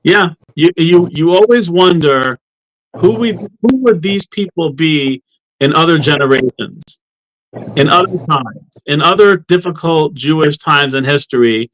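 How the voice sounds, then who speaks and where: A man's voice: on the high side, a little slow, fairly bright tone, rough recording. A man guesting on a talk show as a law professor, speaking in an indignant, impassioned way. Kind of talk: heated talk-show discussion.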